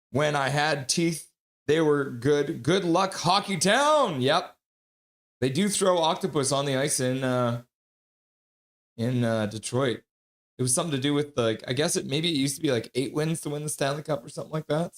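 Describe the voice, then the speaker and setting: A middle-aged man hosting a hockey livestream, chatting casually and greeting viewers by name. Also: medium pitch. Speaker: livestream host reading chat. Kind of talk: casual hockey pregame stream chat.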